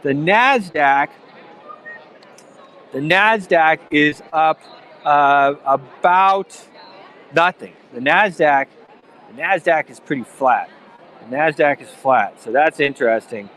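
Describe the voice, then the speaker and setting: A man's voice: fairly high pitch, slow pace, pauses often, fairly bright tone, slight background noise. A man hosting a live stream from a conference, talking in a rambling way with many fillers and restarts. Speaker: livestream host. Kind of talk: live event stream commentary. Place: outdoors at a conference venue.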